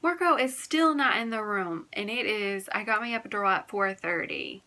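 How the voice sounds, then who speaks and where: A woman's voice: medium pitch, lively intonation, pushed and bright. A young woman retelling her birth story in a casual, rambling way, full of "like" and quoted dialogue. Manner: fast, filler-heavy retelling with quoted dialogue.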